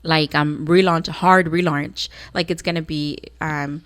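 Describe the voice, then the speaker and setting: A woman's voice: deep voice, fairly even intonation, unhurried, fairly bright tone. A woman in her thirties, co-hosting a radio podcast in casual chat, rambling with lots of fillers and restarts. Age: 30s. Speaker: podcast co-host.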